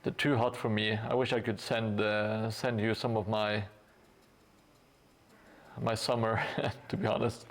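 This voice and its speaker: A man's voice: fairly low pitch, level tone, measured pace, pauses often. A tired man from Norway chatting casually with viewers on a live stream while painting, joking and hesitant with many fillers.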